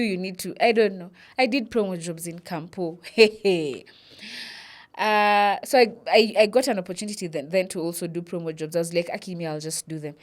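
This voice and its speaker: A young Kenyan woman with a Kenyan accent, telling a personal story and switching between English and Swahili. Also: mid-range voice. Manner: animated, mixes English with Swahili, acts out quotes. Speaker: vlogger.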